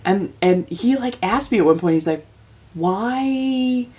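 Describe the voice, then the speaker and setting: A woman in her forties hosts a relaxed livestream, rambling through a personal story. She laughs often and slips into playful voices for the people she quotes. Her voice sits on the lower side. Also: brisk. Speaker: livestream host. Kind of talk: casual storytelling chat.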